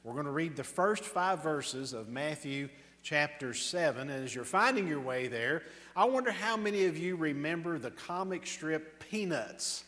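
A man preaching as pastor at an evening church service, in an earnest, warm manner, reading scripture aloud and praying softly. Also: fairly high pitch, lively intonation, moderate pace. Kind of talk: sermon. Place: church sanctuary. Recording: reverberant church hall.

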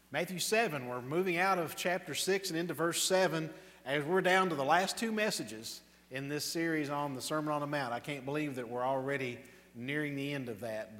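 A man preaching as pastor at an evening church service, in an earnest, warm manner, reading scripture aloud and praying softly. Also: fairly high pitch. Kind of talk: sermon. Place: church sanctuary. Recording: reverberant church hall.

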